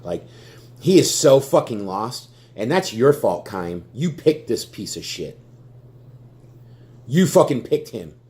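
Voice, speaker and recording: Young male fan vlogger, angry profane rant, mid-pitched voice, stammering repeats. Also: a little mellow. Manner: furious, profane, ranting with heavy swearing; stammers and repeats words when worked up.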